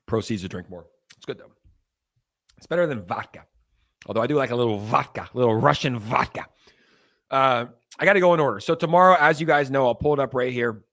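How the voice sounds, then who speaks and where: A young man hosting a crypto livestream, talking to viewers in a loose, animated, ranting way. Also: mid-range voice, fairly quick, long pauses. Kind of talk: casual livestream talk.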